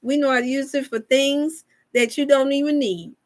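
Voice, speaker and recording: A woman's voice: sits high, steady tone, normal speed. A woman hosting a casual wellness live chat, talking to viewers in a folksy, preachy way. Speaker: wellness show host.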